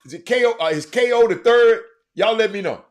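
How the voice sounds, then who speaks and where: A man hosting a casual livestream, reading viewer comments and greeting people by name in an animated, loose way. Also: sits high, a little fast. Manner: animated, shouts out viewers by name, drifts off-mic. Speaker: livestream host.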